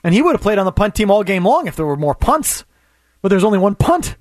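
A man's voice: high-pitched, very animated, fast talker, dry recording, clean studio sound. A man hosting a sports talk radio show, arguing his case with pointed rhetorical questions.

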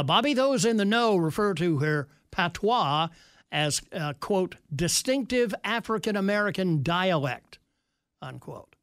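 Wry, high-voiced radio host. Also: male voice, a bit bright, no room sound, clean studio sound. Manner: wry, sarcastic asides. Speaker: radio talk show host. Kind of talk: talk radio, reading listener texts.

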